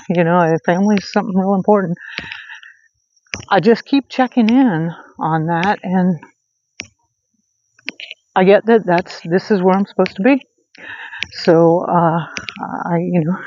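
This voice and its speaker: This vlog host is a woman with a fairly low, somewhat dark voice who chats loosely outdoors after dark beneath a street light. Her talk wanders, full of filler words and false starts, and the lo-fi recording is dull with a faint hiss.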